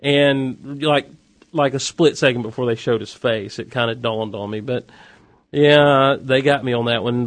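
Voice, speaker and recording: A man with a mid-range voice chats through a TV episode recap in a loose, animated way. He throws in wry asides as he goes, and the recording is dry and close with no room echo. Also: medium pitch, a little slow.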